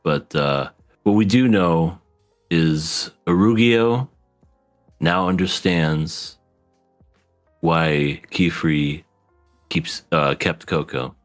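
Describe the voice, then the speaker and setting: A man's voice: deep voice, extremely slow, pauses often, faint music behind. A man co-hosting a podcast, casually recapping an anime episode, joking and laughing often. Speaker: podcast co-host.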